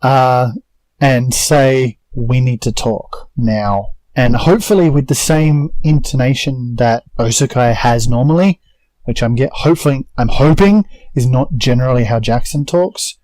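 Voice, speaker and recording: A man playing a tabletop game, speaking deliberately and haltingly, often correcting himself. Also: mid-range voice, a little mellow, no room sound, poor audio. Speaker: player.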